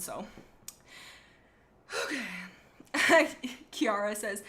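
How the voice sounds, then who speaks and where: A woman streamer reading fanfiction aloud on a casual livestream, giggling and rambling through animated asides. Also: medium pitch, fast.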